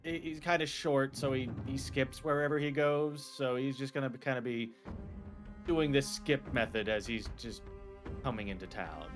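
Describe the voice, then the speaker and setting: A man playing a tabletop game, casually narrating his character with halting speech. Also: mid-range voice, music in the background. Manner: halting, with many fillers.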